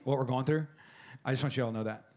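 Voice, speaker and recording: A man's voice: mid-range voice, rapid-fire, darkish tone. A man who is a pastor, preaching a casual, joking sermon and talking straight to the congregation. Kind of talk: conversational sermon.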